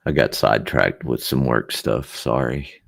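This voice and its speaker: Very deep-voiced man with gravelly fry. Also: normal speed. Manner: distracted, apologetic, fixing his audio on air. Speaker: livestream host. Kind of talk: casual livestream chat. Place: home room.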